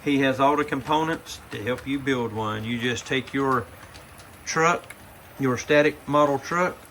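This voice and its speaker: A man's voice: mid-range voice, measured pace, fairly bright tone, slight background noise. A man with a Southern US accent giving a rambling, folksy tour of his model railroad layout, filming it himself on a handheld phone. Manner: folksy and rambling, with fillers and 'but anyhow'. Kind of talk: casual layout tour video. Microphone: handheld phone camera while filming.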